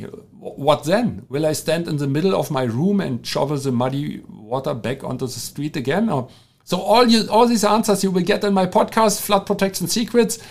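A German-accented engineer hosting a podcast, middle-aged. His voice sits a little high for a man. He talks in a halting, unscripted way, stopping and restarting often with plenty of fillers. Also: darkish tone. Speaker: podcast host, flood protection engineer. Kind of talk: casual monologue.

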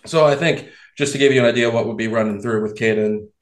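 A man hosting a casual sports podcast, animated and quick to laugh, with frequent restarts. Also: mid-range voice. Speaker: podcast host. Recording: roomy echo.

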